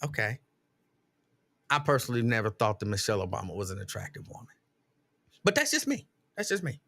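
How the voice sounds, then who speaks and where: This middle-aged man speaks fairly quickly in a mid-range voice. Hosting a laid-back live stream, he reads viewer comments out loud and tells stories with animated, mock-indignant exasperation.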